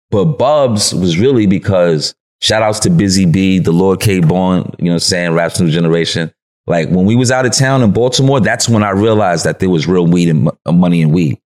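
A man with a New York accent, speaking in a very deep, low register. He tells stories as a podcast guest in loose street slang, laughing easily and slipping into other people's voices as he goes. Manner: slangy and laid-back, laughs often, acts out quotes. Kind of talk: casual interview storytelling.

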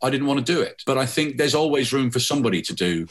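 A man, chatting as an interview guest and telling jokes with animated character voices. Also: mid-range voice, fast, husky. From England. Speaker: guest author. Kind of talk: casual interview chat.

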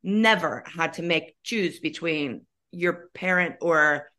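A middle-aged woman with a bright, sharp-edged voice, chatting frankly on a podcast. She talks earnestly about what she has lived through as a parent. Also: deep voice, takes it slowly. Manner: earnest, frank, speaks from her own experience. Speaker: podcast co-host, mother of former dancers. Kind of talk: casual chat.

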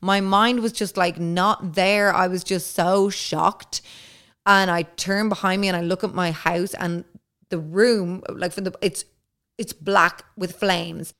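A woman's voice: fairly low pitch, steady tone, takes it slowly, fairly bright tone. Chatty, cursing woman telling a story. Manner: chatty, heavy filler words, frequent swearing. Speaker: podcast host. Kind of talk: casual storytelling.

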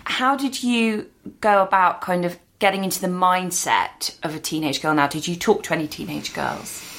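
A woman co-hosting a podcast, asking a guest questions in an agreeable, measured way. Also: fairly low pitch, expressive, a bit bright. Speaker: podcast co-host. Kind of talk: interview questions.

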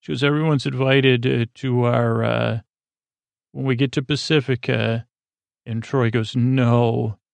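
A man recapping an episode in a slow, meandering sleep-podcast style, full of fillers and restarts. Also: medium pitch, fairly even intonation, gravelly, no room sound. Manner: meandering, filler-heavy, halting retelling. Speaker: podcast host.

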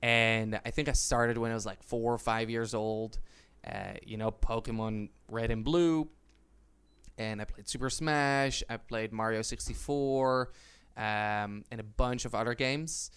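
Young guy on a podcast, smooth resonant voice, eager rambly storyteller, lots of ums. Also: mid-range voice, steady tone, a little slow, a bit bright. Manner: eager, storytelling, with many fillers and restarts. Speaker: guest YouTuber. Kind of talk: casual interview chat.

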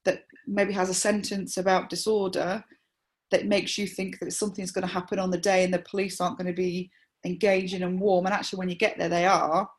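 A woman, a supporter liaison officer, explaining her views in a measured interview with frequent restarts. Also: lowish voice, little pitch movement. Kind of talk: conversational interview.

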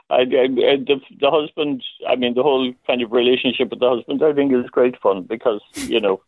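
A man, a playwright, talks thoughtfully about his play, pausing often and laughing now and then. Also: mid-range voice, fairly even intonation, dry recording. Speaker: playwright guest. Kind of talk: phone interview. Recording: tinny phone line.

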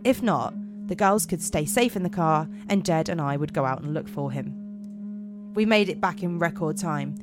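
Woman host, lowish voice, put-on American accent, dramatic horror reading, music behind. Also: lively intonation, normal speed. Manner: dramatic, giggly reading with slips. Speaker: podcast host and storyteller. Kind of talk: reading horror stories aloud.

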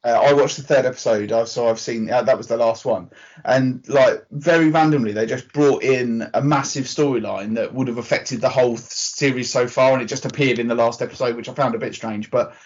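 A man's voice: medium pitch, steady tone, a little fast, husky. An Englishman co-hosting a podcast in casual chat, talkative and opinionated, given to ranting. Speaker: podcast co-host. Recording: dull lo-fi podcast audio.

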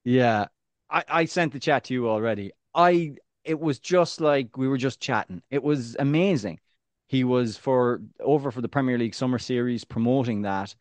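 A man in his thirties co-hosts a sports podcast in a relaxed, rambling way. He jokes around and starts sentences over before landing them. His voice sits at an everyday pitch and is recorded dry and close, with no room sound. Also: normal speed, no room sound. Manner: joking, rambling with restarts. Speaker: podcast co-host. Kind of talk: casual podcast chat.

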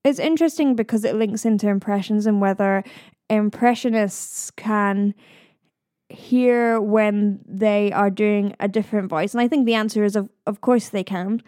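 A woman with a soft east-coast Scottish accent, a voice coach musing in casual chat, laughing easily. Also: medium pitch, steady tone, normal speed, dry recording, clean studio sound. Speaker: host, voice coach.

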